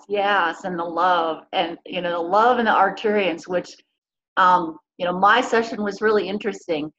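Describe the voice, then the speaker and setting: A woman's voice: medium pitch, fairly bright tone. A woman in a casual spiritual chat, telling a personal story in an earnest, rambling way. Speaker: co-host. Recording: dull lo-fi audio with faint noise.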